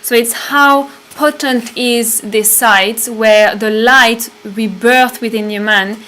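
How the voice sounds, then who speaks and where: A woman's voice: a little high, fairly even intonation, takes it slowly, bright, forceful tone, low-quality recording. A woman with a French accent co-hosting a casual spiritual talk on a livestream, hesitant, repeating words and laughing easily. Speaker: retreat co-host.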